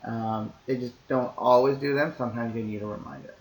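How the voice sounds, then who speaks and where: A man's voice: medium pitch, steady tone, brisk, roomy sound, a little hiss or hum, low-quality recording. A man teaching, explaining to parents in a recorded lesson in an easygoing, reassuring way, talking things through step by step.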